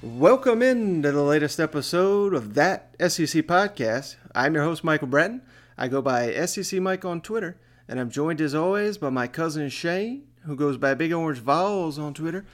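A man's voice: on the high side, animated, moderate pace. A man hosting a sports podcast, chatting casually and joking with his cousin. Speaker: podcast host.

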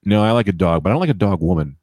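A man's voice: low voice, expressive, rapid-fire, darkish tone, dry recording, clean studio sound. A man hosting a casual comedy podcast, riffing playfully and laughing often. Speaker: podcast host.

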